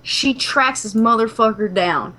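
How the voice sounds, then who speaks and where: A woman from Kentucky, co-hosting a podcast, telling a story in casual chat, animated and dramatic, swearing freely. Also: a little high, a little slow. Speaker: podcast co-host.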